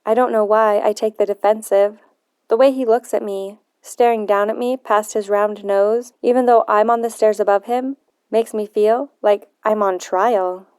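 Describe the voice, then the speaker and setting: A woman narrating a novel in the first person, in earnest, measured storytelling. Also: mid-range voice, steady tone, a little mellow, clear, resonant tone, no room sound, clean studio sound. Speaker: audiobook narrator.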